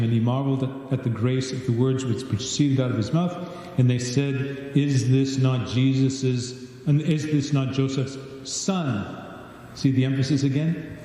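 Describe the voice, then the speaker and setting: A man's voice: medium pitch, mellow. A man leading a Bible study, reading scripture aloud and asking questions of the group. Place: large church hall. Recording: distant echoey church livestream.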